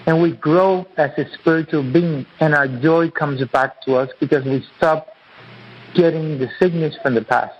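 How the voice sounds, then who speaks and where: A man's voice: on the high side, moderate pace, husky, muffled recording. A man guest, an author and acupuncturist, explaining his teaching in an earnest, repetitive, teacherly way during an interview.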